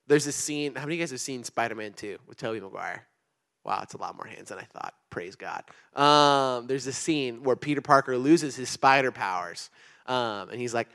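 Casual young man preaching with lots of "like". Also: mid-range voice. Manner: relaxed, chatty, full of fillers like "um" and "like". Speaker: pastor. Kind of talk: casual youth sermon. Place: church service with an audience.

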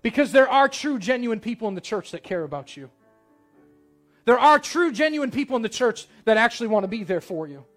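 A man preaches to his congregation, telling a story in a plain, earnest way. His voice sits high for a man. Soft instrumental music plays faintly underneath. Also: sing-song, fairly quick. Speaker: pastor. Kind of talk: sermon.

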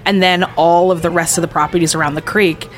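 Earnest, low-voiced woman co-host. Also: steady tone, quick pace, soft background music. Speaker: podcast co-host. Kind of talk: casual chat.

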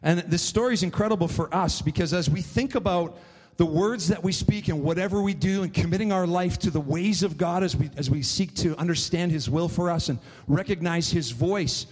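A man's voice: sits high, a little fast, few pauses, a little mellow, in a large hall. A man preaching a sermon, retelling a story in a loose, rambling way full of fillers. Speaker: pastor.

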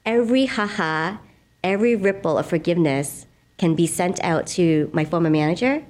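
Earnest middle-aged woman, slightly low voice. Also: lively intonation, moderate pace. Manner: earnest, gentle, reflective. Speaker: laughter yoga leader, guest. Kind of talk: conversational interview, guided exercise.

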